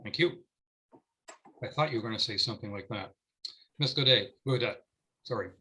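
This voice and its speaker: A man running a council meeting as its mayor, his voice bright and sharp. He keeps repeating words and restarting his sentences as he hands the floor around. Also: fairly low pitch, fairly quick, husky, rough recording. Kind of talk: formal meeting chair.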